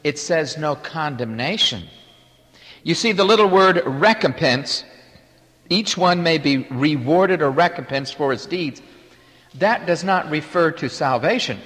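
A man preaching a sermon, emphatic, swinging between loud declarations and quiet asides. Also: a little high. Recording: hall reverb.

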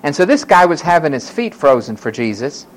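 A man's voice: on the high side, big pitch swings, a little fast, rough recording. A man preaching a sermon, who acts out the voices of the people he quotes.

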